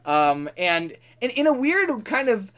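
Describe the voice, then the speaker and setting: A man co-hosting a podcast in casual chat, acting out characters in quick bits. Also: sits high, sing-song, fairly bright tone. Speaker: podcast co-host.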